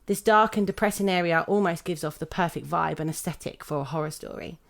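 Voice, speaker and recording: A young British woman hosting a podcast, reading a prepared script in a steady, measured way. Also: fairly low pitch, creaky. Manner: steady, measured reading, laughing now and then. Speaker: podcast host.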